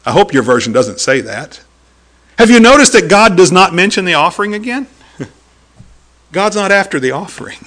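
A middle-aged man preaching a sermon, animated and storytelling, acting out quoted voices and laughing often. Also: fairly high pitch, a little fast.

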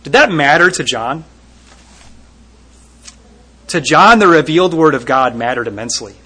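A man preaching a sermon, retelling a scripture scene vividly and rising to loud emphasis at its peaks. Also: on the high side, low-quality recording.

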